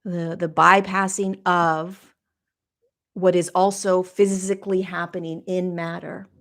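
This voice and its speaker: A middle-aged woman hosting a podcast, speaking slowly in a reflective spiritual monologue, halting and emotional as she searches for words. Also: fairly low pitch, level tone, a bit bright. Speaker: podcast host.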